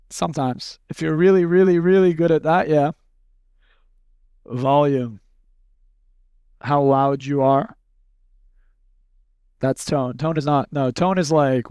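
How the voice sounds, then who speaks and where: A man leading a live seminar workshop, talking bluntly and casually, running demonstrations with volunteers and slipping into quick acted snippets. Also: on the high side, darkish tone, smooth, no echo, studio quality. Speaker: seminar speaker.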